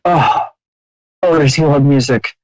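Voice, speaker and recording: A woman's voice: low-pitched, a little slow, warm tone, dry recording, muffled recording. A woman hosting a live psychic radio call-in, chatty and laughing often, with many restarts.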